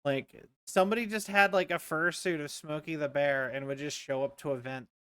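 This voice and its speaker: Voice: mid-range voice, fairly even intonation, a little fast, fairly bright tone, clean tone, dry recording, studio quality. A streamer chatting casually and rambling while playing a game at a home setup. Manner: rambling, joking aside-talk. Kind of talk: casual gameplay chat.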